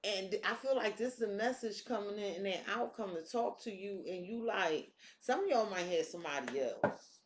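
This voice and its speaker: A woman's voice: medium pitch, expressive, normal speed, hardly any pauses, slight background noise. A woman doing a casual tarot reading, talking bluntly and cursing freely. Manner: blunt, profane, streetwise talk. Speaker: tarot reader. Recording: echoey room.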